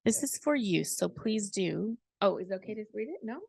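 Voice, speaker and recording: A woman's voice: medium pitch, lively intonation, moderate pace, creaky, mellow, breathy edge, no room sound. A middle-aged woman hosting a podcast in casual chat, gushing and emotional as she talks with her son. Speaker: podcast host.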